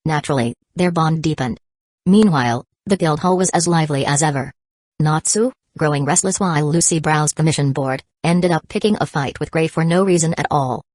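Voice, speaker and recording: A woman narrating a fantasy audiobook in an even, measured reading. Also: low-pitched, no room sound. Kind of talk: scripted narration.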